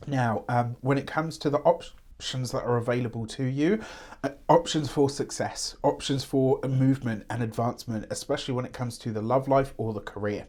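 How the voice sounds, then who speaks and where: A man giving a weekly tarot reading, chatty and rambling, often pausing with fillers and asides. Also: medium pitch, a little mellow. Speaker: tarot reader.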